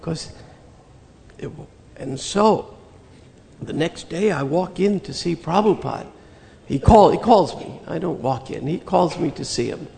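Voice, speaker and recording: Gravelly older man telling a memory. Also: fairly high pitch, expressive, dark tone, big-room sound. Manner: earnest, reflective, slow-building pauses. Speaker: spiritual teacher recounting memories. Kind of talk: personal storytelling talk.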